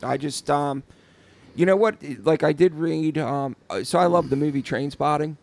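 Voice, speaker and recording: A man's voice: a little high, normal speed, vocal fry, a little mellow. A man co-hosting a casual podcast about tattoos, rambling with lots of repeated words and fillers. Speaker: podcast co-host, tattoo artist. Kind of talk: casual chat.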